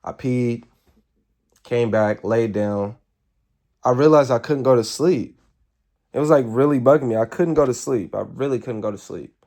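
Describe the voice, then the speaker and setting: A man telling a rambling, casual story to his live viewers, animated and swearing freely, sounding tired and yawning. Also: medium pitch, normal speed, long pauses. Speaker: streamer.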